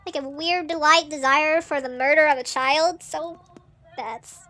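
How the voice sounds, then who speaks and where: A woman hosting a gaming channel, giving chatty, excitable let's-play commentary with nervous laughs. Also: high voice, measured pace.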